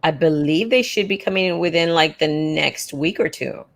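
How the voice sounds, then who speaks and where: A woman's voice: low voice, normal speed. A woman leading an educators' association, talking earnestly and reassuringly in a casual live chat. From South Texas.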